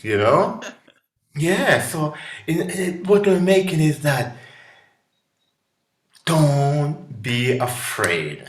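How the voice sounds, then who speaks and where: A man from Jamaica with a Jamaican accent, a guest musician giving an animated, preachy inspirational talk. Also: on the high side, drawn-out words, long pauses, reverberant, slight background noise. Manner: preachy, animated, acts out voices.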